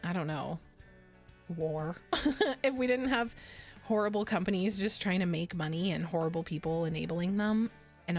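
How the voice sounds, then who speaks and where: A young woman streamer chatting casually, rambling, swearing and laughing often. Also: medium pitch. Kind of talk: casual live-stream chat.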